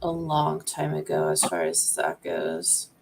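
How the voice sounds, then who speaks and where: A woman's voice: very deep voice, very animated, gravelly, darkish tone, slight background noise. A young woman chatting casually as a guest on a reading stream, hesitant and trailing off as she talks. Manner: slow, hesitant, trails off and restarts. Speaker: guest co-host. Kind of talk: casual livestream chat.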